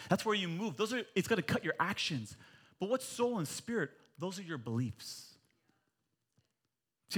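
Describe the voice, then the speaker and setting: A man in his forties preaching a sermon in church, animated and jokey, rising to loud emphatic peaks. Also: high-pitched. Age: 40s. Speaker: pastor.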